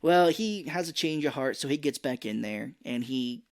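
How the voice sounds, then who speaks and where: A man co-hosting a casual movie podcast, retelling scenes and dropping into quick impressions of the characters. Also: medium pitch, animated. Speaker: podcast co-host.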